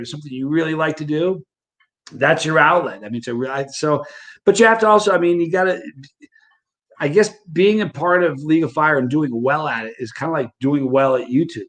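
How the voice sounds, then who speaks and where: A man answers questions in a casual interview. He is relaxed and conversational and often restarts his sentences. His voice sits somewhat high. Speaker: interview guest, hot-sauce eater.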